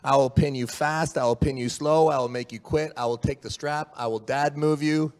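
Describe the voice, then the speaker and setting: A man's voice: on the high side, steady tone, normal speed, a little mellow, long reverb tail. A man from Canada, an arm wrestler, boasting and teasing his opponent at a press conference. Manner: cocky, playful, boastful taunting. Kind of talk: press conference trash talk.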